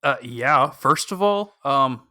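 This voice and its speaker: A man's voice: medium pitch, lively intonation, slow pace, pushed and bright, no room sound, studio quality. A man talking casually on a gaming podcast, giving cautious, opinionated advice with frequent "um" fillers. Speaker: podcast co-host.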